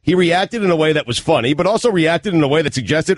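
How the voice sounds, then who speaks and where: A man's voice: a little high, animated, fast, no room sound. A man co-hosting a sports radio show, insisting on his opinion in repeated short statements. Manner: insistent, repetitive, hesitant fillers. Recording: dry studio mic.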